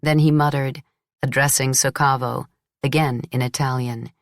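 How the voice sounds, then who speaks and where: A woman narrating a novel in a measured, grave manner. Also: very deep voice, steady tone, no echo, studio quality. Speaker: audiobook narrator. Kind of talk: scripted narration.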